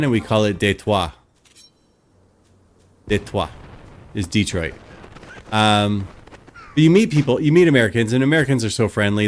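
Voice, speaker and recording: A man's voice: medium pitch, slight background noise. A man, chatting casually with his live stream viewers and rambling through stories with plenty of fillers. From Canada.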